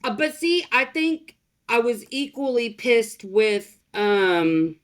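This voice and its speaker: A woman's voice: on the high side, slow. A woman guest on a podcast, talking candidly and expressively, swearing freely in casual conversation.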